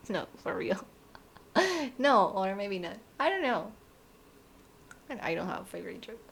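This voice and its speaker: A young woman answering fan questions in a casual vlog, sleepy and yawning, slipping into soft whispers and laughing often. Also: mid-range voice, big pitch swings, takes it slowly, vocal fry, pauses often, slight background noise.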